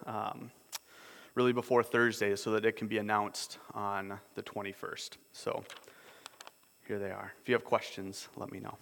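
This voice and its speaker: A man preaching a sermon as a pastor, in a relaxed, conversational way, often repeating words as he restarts. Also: fairly low pitch, normal speed, creaky. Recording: long hall reverb.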